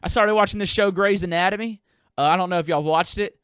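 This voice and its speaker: Man rambling host, high clear voice. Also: quick pace, a bit bright, no echo, studio quality. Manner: profane, rambling, self-deprecating. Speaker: podcast host. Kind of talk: casual comedic monologue.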